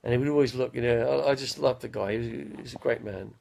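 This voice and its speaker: A man in his fifties telling rambling stories on a live stream, speaking slowly with a slight stutter and often losing his train of thought. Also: medium pitch, darkish tone. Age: 50s. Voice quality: gravelly, husky. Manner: slow, halting, loses his train of thought. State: mild stutter after head injury. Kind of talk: rambling casual storytelling.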